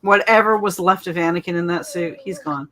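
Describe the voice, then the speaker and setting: A woman's voice: fairly low pitch, brisk, sharp tone. A woman co-hosting a casual fan discussion, emphatic and repeating her points for stress. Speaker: co-host.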